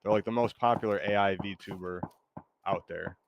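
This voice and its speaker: A man's voice: lowish voice, moderate pace, gravelly, dull audio, background noise. A man streaming a video game and chatting casually, playful and rambling, with lots of fillers. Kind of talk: casual gaming chat.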